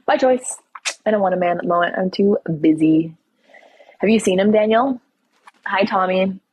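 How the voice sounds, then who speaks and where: A woman's voice: mid-range voice, moderate pace, breathy edge, no echo, highs cut off. A young woman from Toronto hosting a casual live stream, reading viewer questions aloud and answering them candidly. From Toronto, Canada. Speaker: livestream host.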